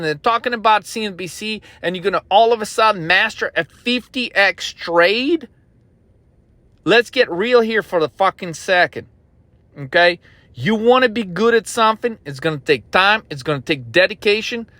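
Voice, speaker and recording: A man's voice: high-pitched, bright, forceful tone, no echo. A man working as a trading coach, lecturing aggressively in a profane motivational rant.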